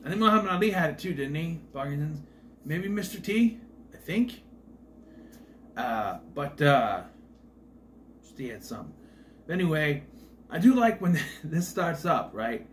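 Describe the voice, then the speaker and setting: Animated, rambling male movie reviewer. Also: fairly high pitch, unhurried, long pauses, slight background noise. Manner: rambling, hesitant, wry, many asides. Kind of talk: casual rambling movie commentary.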